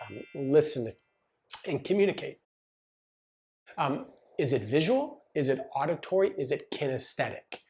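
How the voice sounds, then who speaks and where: Guy coaching massage therapists, casual and lively, talks right at you. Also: a little high, moderate pace, slight background noise. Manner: casual, animated, talks to the viewer directly. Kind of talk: direct-to-camera teaching video.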